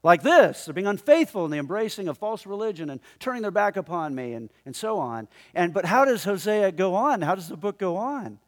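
A man preaching a sermon in a conversational, animated way, often chuckling as he talks to the congregation in the room. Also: high voice, a little fast, hardly any pauses. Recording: long hall reverb.

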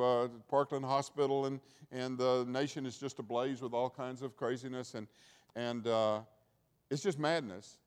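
A man preaching and teaching, telling a story with many restarts and becoming animated. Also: medium pitch, clear, resonant tone. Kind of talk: sermon. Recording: hall reverb.

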